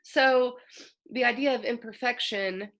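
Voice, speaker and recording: Bright, gravelly woman astrologer. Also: a little high, fairly even intonation, measured pace. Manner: earnest, emotional, reflective. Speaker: astrologer host. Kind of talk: casual spoken astrology talk.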